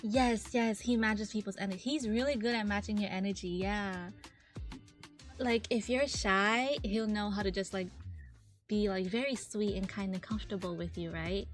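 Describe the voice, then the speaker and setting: A woman's voice: medium pitch, steady tone, moderate pace, faint music behind. A young woman streamer in casual chat, telling a story with lots of giggles and quoting the people she talks about.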